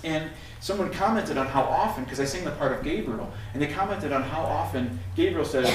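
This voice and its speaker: Middle-aged male pastor, lively storytelling sermon, a bit high-pitched, recorded far off in a reverberant church with faint background noise. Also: fast talker, few pauses. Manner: animated storytelling, acts out scenes. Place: church sanctuary. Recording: echoey room from a distant mic, faint noise.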